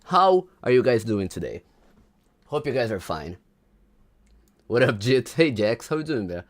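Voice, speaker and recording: A man's voice: medium pitch, very animated, unhurried. A man hosting a casual livestream, chatting to viewers, greeting them by name and hyping up the stream. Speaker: livestream host.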